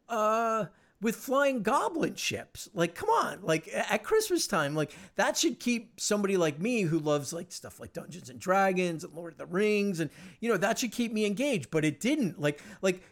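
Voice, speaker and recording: A man hosting a podcast, chatting casually in an animated, rambling way with lots of fillers and restarts. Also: high voice. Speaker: podcast host. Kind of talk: casual chat.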